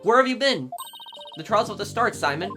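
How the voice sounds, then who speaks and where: A man reading the lines of a spirited young woman defense lawyer from a video game, brisk and indignant. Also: high voice, lively intonation, over music, voice pushed up.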